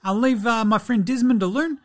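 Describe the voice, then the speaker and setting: A man doing a laid-back New Zealand basketball big man with a put-on New Zealand accent, rambling cheerfully in a comedy diary bit. The voice sits high and lifts brightly, and every few words get a chummy "bro" or "eh". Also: a little fast. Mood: easygoing.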